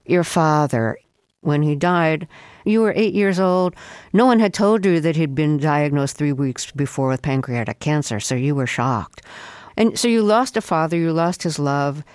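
An interviewer asking direct, measured questions. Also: mid-range voice, animated, darkish tone, dry recording, clean studio sound.

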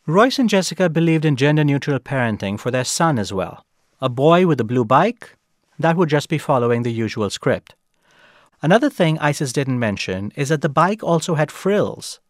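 Measured male radio narrator. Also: fairly high pitch, very animated, no room sound, studio quality. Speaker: radio show host and interviewer. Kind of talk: scripted narration with interview questions.

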